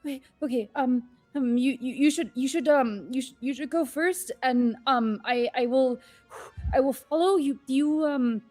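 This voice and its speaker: A woman's voice: high voice, a little slow, darkish tone, faint music behind. A woman voicing a timid, anxious young male adventurer who stammers and sounds close to tears. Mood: timid, teary.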